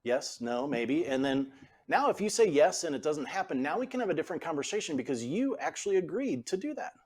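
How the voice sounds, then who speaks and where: A man's voice: a little high, a little fast. A man in his forties, a podcast guest and author, explaining how leaders speak, acting out example phrasings. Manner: animated, acts out example phrasings. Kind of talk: conversational coaching talk.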